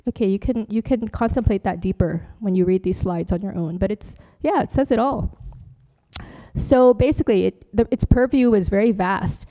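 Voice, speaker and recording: A woman's voice: mid-range voice, warm tone. A woman, a Buddhist nun, giving a chatty, joking dharma workshop talk with slides. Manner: chatty, joking asides, laughs often.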